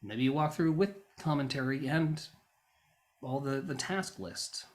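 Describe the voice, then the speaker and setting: Male YouTuber doing a rambling vlog monologue: wry, self-mocking rants that spike into loud outbursts. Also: mid-range voice, animated, unhurried. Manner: flares into loud bursts.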